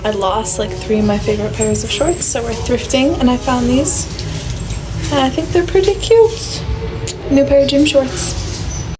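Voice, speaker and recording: A woman's voice: high-pitched, unhurried, over music. Chatty young woman vlogging. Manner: chatty, rambling, laughs often. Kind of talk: casual vlog chat.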